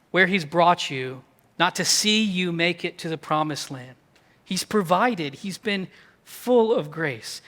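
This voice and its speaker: A man preaches in a lively, conversational style, tossing in quick asides. His voice is high and bright. It carries a long reverb from the church hall around him. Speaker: pastor. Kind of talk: sermon. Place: church sanctuary.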